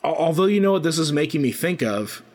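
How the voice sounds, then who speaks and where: A man's voice: on the high side, lively intonation, quick pace, a little mellow. A man co-hosting a podcast, talking enthusiastically in casual chat with many fillers. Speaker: podcast co-host.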